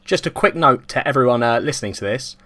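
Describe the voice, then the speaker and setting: A man's voice: mid-range voice, animated, quick pace, pushed and bright. A man co-hosting a podcast, chatting about a film with dry sarcasm. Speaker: podcast co-host. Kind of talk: casual film discussion.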